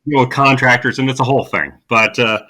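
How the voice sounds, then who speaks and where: A man's voice: medium pitch, fairly even intonation, fast, bright, forceful tone. A man co-hosting a podcast, recapping a movie in casual chat with dry sarcastic jokes and many ums and restarts. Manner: dry sarcastic humor with frequent fillers and restarts. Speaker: podcast co-host.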